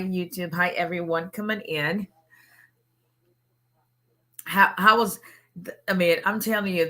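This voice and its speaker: A middle-aged woman from Africa, an immigration lawyer hosting a casual livestream, chatty and quick to laugh as she digresses. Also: on the low side, bright, forceful tone.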